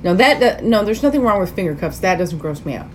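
A woman's voice: on the low side, animated, quick pace, a little hiss or hum. A woman co-hosting a podcast in casual chat, adding trivia and wry comments about a movie. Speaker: podcast co-host.

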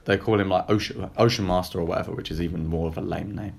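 A man with a slightly croaky, low voice hosts a casual film podcast. He chats loosely and jokes at his own expense. A faint hum of background noise sits behind him. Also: fast talker. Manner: relaxed, chatty, self-deprecating. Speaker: podcast host. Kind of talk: casual film review chat.

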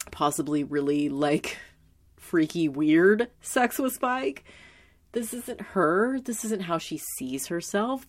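Low-voiced woman, earnest and emotional. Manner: emotional and earnest, close to tears; heavy use of filler words like "like". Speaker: tv show commentator. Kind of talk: casual personal commentary.

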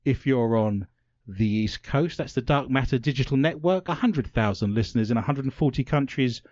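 A man's voice: medium pitch, moderate pace, darkish tone, dry recording. A man hosting a radio talk show, joking and punning with theatrical flair. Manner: playful, punning, theatrical delivery. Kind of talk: jokey quiz show banter. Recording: dry, slightly dull lo-fi sound.

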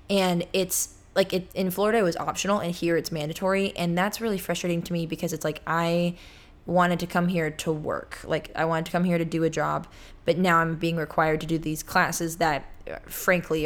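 Chatty young woman rambling on a podcast. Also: on the low side. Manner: rambling, chatty, self-interrupting with many likes. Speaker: podcast host. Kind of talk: casual solo podcast chat. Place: apartment room.

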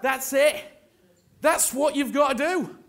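A man's voice: very high-pitched, vocal fry, crowd noise. A man preaching a sermon, impassioned and emphatic, urging his congregation to respond and repeat after him. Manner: slow and emphatic, with sudden loud peaks.

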